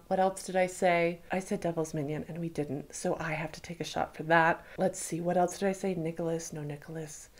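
Casting: young woman, trailer-reaction vlogger, excitable and gushing. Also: lowish voice. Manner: excitable, swears freely, gushing.

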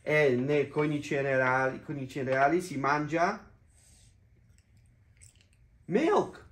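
Low-voiced woman teaching kids slowly. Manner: slow, drawn-out repetition of each word. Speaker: parent teaching Italian to children. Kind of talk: children's vocabulary lesson. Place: hotel room. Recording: echoey hotel room.

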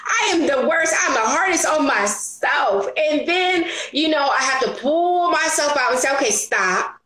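A high-pitched woman speaking as an interview guest, lively and expressive, often slipping into playful voices for the people she quotes. Her voice carries a roomy echo. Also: normal speed. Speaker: entrepreneur guest. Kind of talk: animated storytelling interview.

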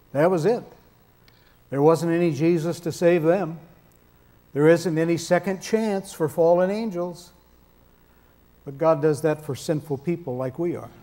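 A man's voice: on the high side, dark tone. A man preaching a sermon in a conversational, emphatic way with touches of dry humor.

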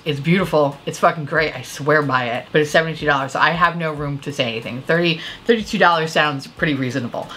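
A woman vlogger reviewing makeup releases in a profane, exasperated rant. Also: fairly low pitch. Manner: exasperated, profane, animated ranting. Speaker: beauty vlogger. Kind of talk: profane ranting commentary on product prices.

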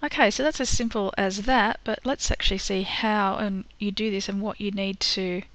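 A woman teaching a screen-recorded software tutorial, patient and step by step, with frequent ums. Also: mid-range voice, fairly even intonation, normal speed, dry recording.

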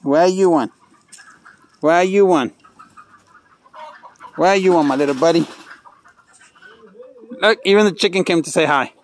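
A man filming his birds and pets in an outdoor yard on a handheld phone, coaxing and talking to them and to the camera in an excited, repetitive way. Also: fairly high pitch, a little slow, long pauses. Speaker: backyard animal keeper filming his pets. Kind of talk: casual home video narration. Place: outdoor yard with geese, chickens and ducks.

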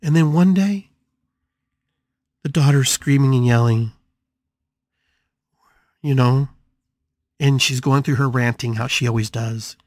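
A man's voice: mid-range voice, slow, long pauses, darkish tone, no room sound, studio quality. A man hosting a spiritual podcast, telling a story with emphatic, dramatic repetition. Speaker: podcast host.

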